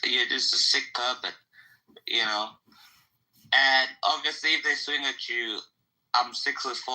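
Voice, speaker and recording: A man's voice: mid-range voice, bright, forceful tone, low-quality recording. A man hosting a podcast in casual chat, ranting heatedly and profanely with lots of repetition. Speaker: podcast host.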